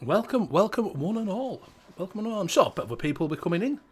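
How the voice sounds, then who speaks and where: A man's voice: high-pitched, big pitch swings, fast talker, slightly rough. A middle-aged man with a Yorkshire accent hosting a casual live stream, jokey and laughing, swearing freely. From Yorkshire, England. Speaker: host.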